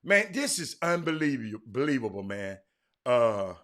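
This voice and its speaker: Bright-voiced man hosting a livestream. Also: fairly high pitch, very animated, moderate pace. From Houston, Texas. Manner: chatty, talks to viewers by name, frequent restarts. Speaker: livestream host. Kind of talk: casual livestream chat reading viewer comments.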